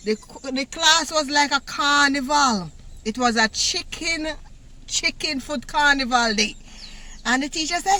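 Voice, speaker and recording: A middle-aged woman telling a story in a vlog, animated and often laughing as she talks. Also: sits high, a little slow, very noisy. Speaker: vlogger.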